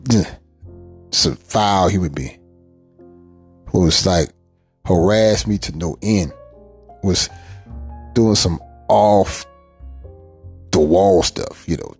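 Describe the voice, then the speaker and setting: Male podcast host, husky, reflective monologue, emphatic with restarts, faint music bed. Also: deep voice. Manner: candid, rambling, emphatic, with frequent restarts.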